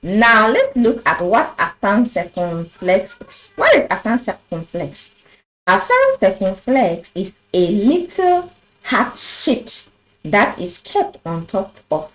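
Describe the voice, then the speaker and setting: Female language teacher, slow and measured, low-ish voice, quizzes viewers with rhetorical questions. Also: fairly bright tone, rough recording. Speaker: French teacher. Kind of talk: video language lesson. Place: in front of a board.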